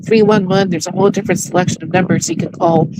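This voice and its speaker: A woman explaining things in a measured way as a co-host. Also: fairly low pitch, steady tone, heavy background noise. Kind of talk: casual discussion.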